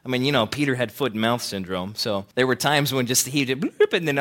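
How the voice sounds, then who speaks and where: Animated male pastor preaching. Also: mid-range voice, a little fast, hardly any pauses. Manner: animated, swinging from loud emphasis to hushed. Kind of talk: sermon.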